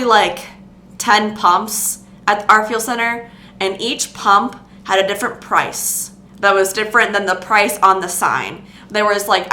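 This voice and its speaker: A woman's voice: medium pitch, sharp tone, reverberant. A young woman telling a casual storytime vlog about her retail job, rambling with lots of filler words and restarts. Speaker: vlogger recounting retail job.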